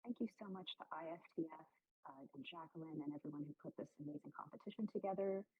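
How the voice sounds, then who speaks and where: A woman's voice: on the low side, expressive, fast, gravelly, breathy edge, no room sound. A woman accepting an award remotely, speaking earnestly as she thanks everyone who helped her. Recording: tinny phone-like remote line.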